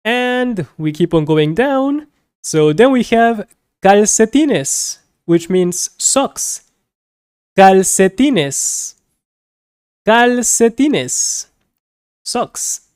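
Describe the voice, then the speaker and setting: A woman teaching a beginner Spanish lesson, repeating each word slowly and carefully, with light laughs as she explains. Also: mid-range voice, expressive, a little mellow, clean tone, no room sound, clean studio sound. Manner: slow, careful repetition of words.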